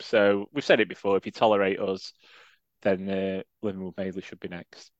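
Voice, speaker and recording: A man's voice: on the low side, moderate pace, dry recording, muffled recording. A man co-hosting a casual football podcast, wry and teasing. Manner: wry, teasing, drifts into jokey put-on voices. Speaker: podcast co-host.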